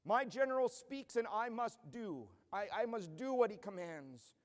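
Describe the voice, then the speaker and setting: A man's voice: sits high, expressive, moderate pace, long reverb tail, voice pushed up. A man preacher voicing a Roman centurion, a confident soldier who is humble before Jesus, speaking in a raised, emphatic, declaiming way. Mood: earnest, emphatic.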